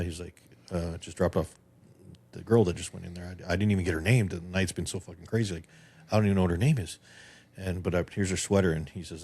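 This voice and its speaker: A middle-aged man with a very low voice rattles along at a quick clip. He is a podcast guest telling a story in a loose, profane, animated way. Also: breathy edge. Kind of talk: casual chat and storytelling.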